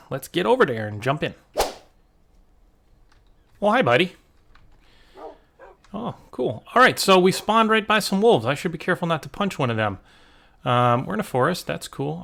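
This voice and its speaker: A man's voice: a little high, gravelly, fairly bright tone. Chatty man narrating his gameplay. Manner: chatty, rambling with fillers and restarts. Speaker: gaming channel host. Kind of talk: casual let's-play commentary.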